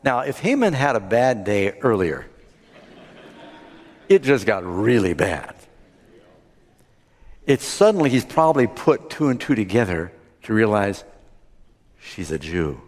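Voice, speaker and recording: A man's voice: measured pace, long pauses. Guy preaching a bible story, voices the characters, big echoey church hall. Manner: acts out the characters' lines with rising animated pitch. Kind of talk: sermon retelling a Bible story. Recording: long hall reverb.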